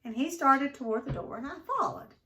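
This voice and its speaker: A woman teacher reading a novel aloud to her class in an expressive way, pausing to ask the class questions. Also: sits high, far from the mic, a little hiss or hum.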